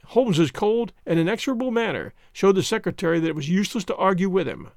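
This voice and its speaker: Expressive male audiobook narrator, high voice. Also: quick pace, creaky, few pauses, no echo, clean studio sound.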